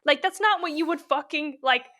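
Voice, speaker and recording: A woman's voice: sits high, moderate pace, bright, forceful tone. A woman co-hosting a podcast in casual chat, blunt and sarcastic, swearing freely. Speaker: podcast co-host.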